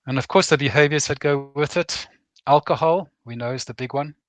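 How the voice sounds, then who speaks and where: A middle-aged man appears as a guest on a veterans' program, giving plain-spoken, earnest reflections and acting out short snatches of dialogue. His voice is fairly high and fairly bright, with a brisk delivery and no room sound.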